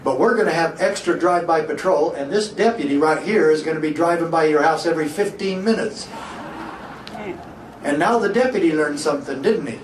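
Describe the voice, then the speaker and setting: The speaker, a middle-aged man who is a sheriff, has a fairly high voice and a brisk delivery. In his public speech he tells a story and asks the crowd rhetorical questions, captured far off in an echoey hall with faint hiss.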